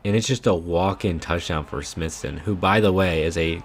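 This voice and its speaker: A young man giving casual, animated commentary over his own video game footage, ranting and saying "man" often. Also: low voice, normal speed. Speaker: gaming YouTuber.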